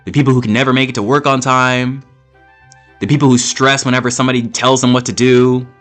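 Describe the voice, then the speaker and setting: A man hosting a gaming channel, ranting in a profane and animated way, often repeating himself as he builds his point. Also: medium pitch, quick pace, faint music behind. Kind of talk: ranting commentary over gameplay.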